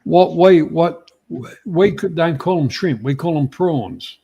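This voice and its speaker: A man's voice: on the high side, lively intonation, slow pace, creaky, highs cut off, a crowd in the background. An Australian man in a casual podcast chat, laid-back and full of slang.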